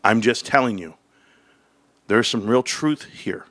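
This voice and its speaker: Middle-aged male stream host, bright and forceful, dry close sound, heated and profane. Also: on the low side, unhurried, no echo. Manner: heated, profane, extremely animated. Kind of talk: live-stream rant.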